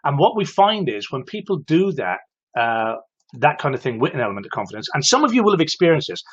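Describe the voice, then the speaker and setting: A man's voice: fairly high pitch, very animated, fast, slightly rough, dull audio. A man hosting a live-streamed advice talk, explaining patiently and turning to his viewers with "okay?" and direct questions. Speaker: host of a live show for electricians.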